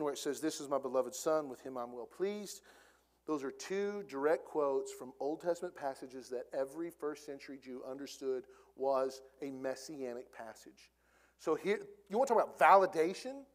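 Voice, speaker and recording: A man with an Oklahoma accent preaching a sermon in a church, acting out the people he quotes and dropping to a quiet, low voice for solemn points. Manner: animated preaching, acts out quoted speakers. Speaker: pastor. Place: church sanctuary.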